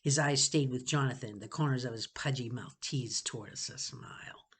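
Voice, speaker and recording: A woman reading a novel aloud to students, pausing to savor phrases and chat about them. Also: rumbling low, slightly rough. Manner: expressive, stops to savor phrases. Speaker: reader for students.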